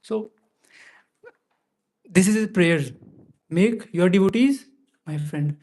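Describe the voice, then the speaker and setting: A man leading a scripture class, chanting Sanskrit verses slowly and then explaining them casually with many fillers. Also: high voice, a little mellow. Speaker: class speaker.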